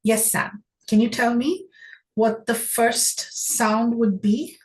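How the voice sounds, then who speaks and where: A woman teaching children phonics, patient and encouraging, sounding out words slowly and praising often. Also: on the high side, fairly even intonation. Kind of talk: phonics lesson to young children.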